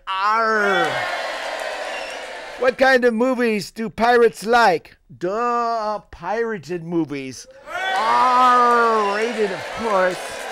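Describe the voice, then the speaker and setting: A man's voice: high-pitched, noisy background. A man playing a jolly, bawdy pirate captain who cracks puns and chuckles at his own jokes with piratey growls. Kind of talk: stand-up pirate character act.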